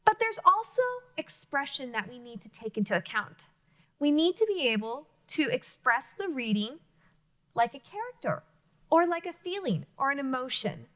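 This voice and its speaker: A woman teacher leading a reading lesson for young children, speaking slowly and clearly with encouragement. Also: sits high, sing-song, fairly bright tone. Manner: slow, clearly enunciated, encouraging teacher talk. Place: classroom-style video lesson.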